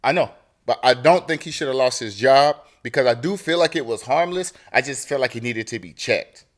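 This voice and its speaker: A man's voice: medium pitch, fairly quick. A man co-hosting a podcast in casual debate, emphatic and profane, insisting on finishing his point. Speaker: podcast co-host.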